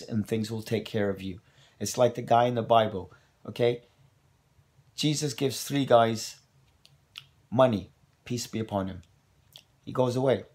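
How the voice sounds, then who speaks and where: A man hosting his own online show, ranting casually and profanely late at night, tired and running on coffee. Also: lowish voice. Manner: profane, rambling, animated.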